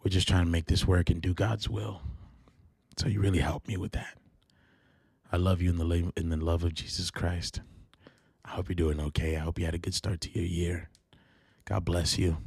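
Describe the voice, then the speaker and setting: A man hosting a late-night solo faith podcast, preaching earnestly and shifting between fervent and quiet, intimate delivery. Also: low-pitched, flat delivery, moderate pace, vocal fry, husky, dry recording, clean studio sound. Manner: earnest preaching, gets worked up then goes quiet and intimate. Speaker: podcast host.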